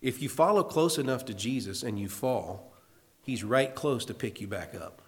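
A man preaching in an earnest, conversational way, telling a personal story and slowing down to stress a point. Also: mid-range voice, animated. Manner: earnest, conversational, slows for emphasis. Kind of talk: sermon storytelling.

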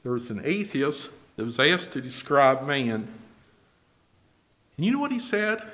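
A man preaching a sermon, swinging between loud declarations and low, quiet asides, and reading scripture in a slow, old-fashioned cadence. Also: sing-song.

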